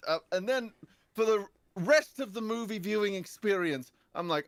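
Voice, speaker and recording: A young man with a slightly high voice tells a rambling comic story, swearing freely. His voice jumps from low mutters to loud outbursts. The sound is dry and close, with no room echo. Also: moderate pace. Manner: animated, profane, big swings in pitch and volume. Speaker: podcast panel guest. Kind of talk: comedic storytelling in casual chat.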